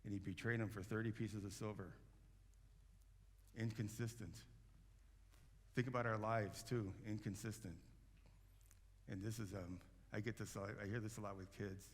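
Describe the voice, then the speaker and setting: A man's voice: fairly low pitch, fairly even intonation, moderate pace, long pauses. A man preaching a sermon as pastor, talking in a loose, conversational way with frequent restarts and fillers. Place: church sanctuary. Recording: long church hall reverb.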